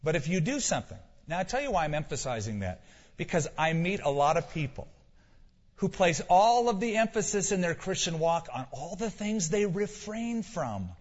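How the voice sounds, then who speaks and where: A man's voice: sits high, sing-song, normal speed. A male pastor preaching a sermon with emphasis, asking rhetorical questions and repeating key lines for weight. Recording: dull lo-fi sound with long hall reverb.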